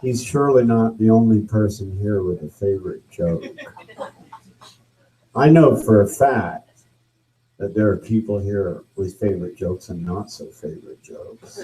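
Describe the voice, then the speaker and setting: A man hosting a live gathering, talking casually with pauses and fillers. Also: on the low side, poor audio. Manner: relaxed, hesitant, with fillers. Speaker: event host. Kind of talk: casual emcee patter.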